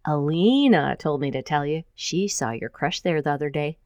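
A woman voicing a bubbly, teasing young female college student who talks fast and excitedly. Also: low-pitched, dry recording.

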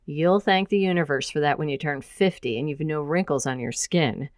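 A woman's voice: sits low, moderate pace, a little mellow, dry recording, studio quality, lightly acted. A woman voicing an affectionate, joking middle-aged mother who is a hacker. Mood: teasing.

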